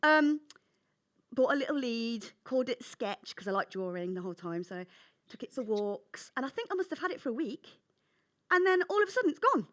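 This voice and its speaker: A woman from England with a high voice, telling childhood stories and acting out the voices of her younger self. Her voice swoops up and down, animated and expressive. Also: a little fast. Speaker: author. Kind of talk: conversational interview.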